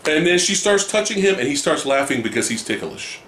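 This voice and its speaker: Animated man, lively swearing film talk. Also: on the high side, fairly quick, faint music behind. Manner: animated, swearing, laughing, acting out scenes. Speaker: podcast host. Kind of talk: casual film review chat. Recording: echoey room, faint noise.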